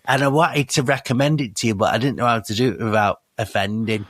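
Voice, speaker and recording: A man's voice: medium pitch, quick pace, fairly bright tone, no echo, clean studio sound. A man from Manchester with a Mancunian accent, co-hosting a comedy podcast and chatting playfully in a mock-offended way. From Manchester, England. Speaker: podcast co-host. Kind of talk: casual comedy podcast chat.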